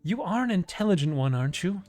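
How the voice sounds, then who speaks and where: A wistful, gentle female mermaid from a game, read by a man. The lines are spoken plainly in a fairly high voice, with no character voice. Faint music sits underneath. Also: very animated, quick pace.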